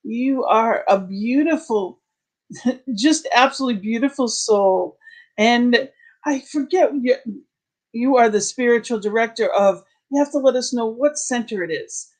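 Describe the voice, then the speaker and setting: A woman's voice: fairly high pitch, measured pace. Woman greeting an online congregation. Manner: warm greetings to viewers by name, gushing. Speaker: spiritual leader hosting an online service. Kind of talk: welcoming service host talk.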